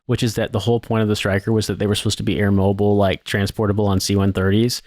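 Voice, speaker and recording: A man's voice: lowish voice, little pitch movement, fast, darkish tone, no echo, studio quality. A man co-hosting a podcast in casual chat, rambling and swearing with lots of filler words. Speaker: podcast co-host.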